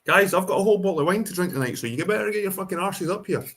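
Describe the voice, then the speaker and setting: A man's voice: high-pitched, expressive, racing, fairly bright tone, slight background noise. A Scottish man hosting a livestream, ranting bluntly and swearing a lot in casual chat with viewers. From Scotland. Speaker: livestream host.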